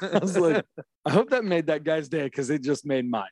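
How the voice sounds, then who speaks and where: A man in his thirties telling funny stories in casual chat, acting out the people he quotes in lively voices. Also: on the high side, normal speed, dry recording, studio quality. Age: 30s. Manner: animated storyteller, quotes others in lively acted voices. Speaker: podcast co-host.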